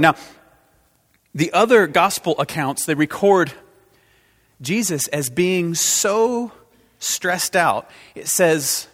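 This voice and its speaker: A man preaching a sermon, swinging from loud outbursts to hushed intensity. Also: a little high. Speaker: pastor. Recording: long reverb of a large hall.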